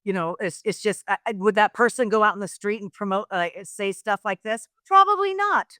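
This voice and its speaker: Middle-aged woman, guest on a chat show, rambling stories, smooth clear voice, dry close sound. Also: mid-range voice, fairly even intonation, a little fast, fairly bright tone, no echo. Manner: rambling storyteller who acts out quoted voices. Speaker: guest, retired wrestler. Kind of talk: casual chat.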